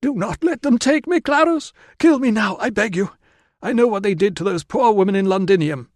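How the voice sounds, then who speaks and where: A man reading an audiobook, voicing a frightened noblewoman who begs for death in a high, desperate voice. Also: lively intonation, normal speed, no room sound, clean studio sound. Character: frantic noblewoman empress pleading.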